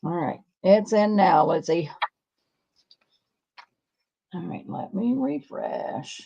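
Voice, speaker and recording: Folksy woman with a dark voice taking orders. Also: on the low side, expressive, takes it slowly, vocal fry, slightly rough, lo-fi sound. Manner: folksy and homely, calls buyers darling. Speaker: co-host taking buyers' orders. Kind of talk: live sales show, reading out buyers' names.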